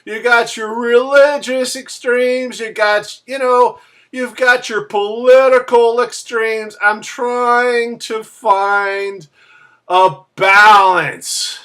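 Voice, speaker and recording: A woman rants to her viewers in a high, bright voice, taking her time and leaning hard on key words. She gropes for phrasing, then pushes her voice up into loud, emphatic declarations. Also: steady tone, slow. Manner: emphatic, searching, bursts into raised voice. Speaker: vlogger and MLM member. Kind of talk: impassioned rant to camera.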